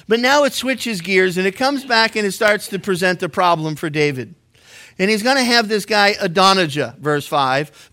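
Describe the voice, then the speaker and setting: A man's voice: sits high, pushed and bright. A middle-aged male pastor teaching through a Bible book verse by verse, in a joking, conversational way with many stammered restarts.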